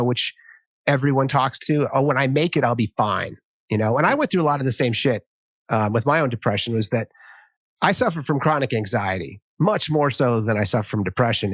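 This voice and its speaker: Animated man in his fifties hosting. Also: medium pitch, a little fast, no echo. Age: 50s. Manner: animated, acts out quotes in a raised voice. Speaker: podcast host. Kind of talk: casual interview chat.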